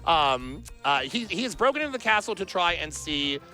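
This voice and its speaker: A man's voice: on the high side, sing-song, normal speed, sharp tone, faint music behind. A man giving chatty, playful commentary while speedrunning a game at a charity marathon. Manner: chatty, playful, self-deprecating. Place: marathon event stage.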